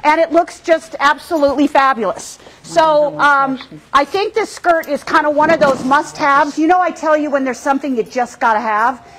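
A woman's voice: sits high, normal speed, few pauses, a bit bright, slight background noise, rough recording. A middle-aged woman hosting a live fashion show, gushing and effusive as she shows off outfits.

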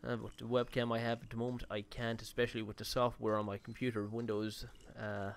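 A man's voice: medium pitch, flat delivery, brisk, clear, resonant tone. A man giving casual, rambling let's-play commentary on his own game session, with mild swearing. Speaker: gaming YouTuber.

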